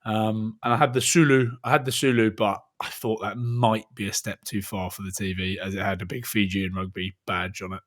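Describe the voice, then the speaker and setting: A man co-hosting a casual sports podcast, telling stories in an animated way and laughing often. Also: lowish voice, a little fast, hardly any pauses. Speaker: podcast co-host and rugby commentator.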